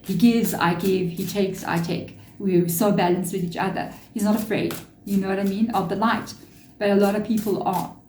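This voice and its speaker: Woman tarot reader, earnest and chatty, mellow tone, echoey room. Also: mid-range voice, steady tone, moderate pace, a little hiss or hum. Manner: earnest, spiritual, chatty with asides to viewers. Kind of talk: tarot reading to camera.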